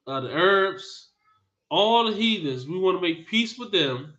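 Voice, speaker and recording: Forceful scolding man preaching. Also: high-pitched, expressive, measured pace. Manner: emphatic, repeats phrases, scolding. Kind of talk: bible teaching sermon. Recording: dull lo-fi recording.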